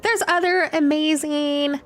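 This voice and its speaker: A young adult woman with a high voice and fairly even intonation speaks slowly while streaming a game. She chats casually with viewers, uses plenty of fillers, laughs often, and reads chat aloud. Faint music plays in the background.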